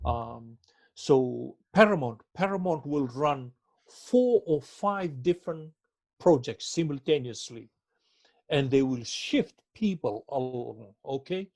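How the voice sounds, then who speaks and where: A man's voice: mid-range voice, lively intonation, slow, vocal fry. A man who advises businesses on funding, explaining step by step in a podcast interview and checking in with "okay".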